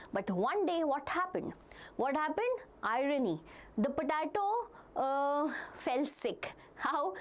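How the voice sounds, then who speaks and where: Woman, teacher, high voice, lively pitch, live online class. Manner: animated, asks the class questions.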